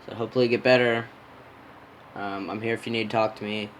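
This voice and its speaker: A man's voice: lowish voice, level tone, fast talker, a little hiss or hum, rough recording. A young man casually telling a rambling personal story on his podcast, yawning and smacking his lips. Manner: rambling, self-interrupting, yawning and lip-smacking. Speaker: podcast host.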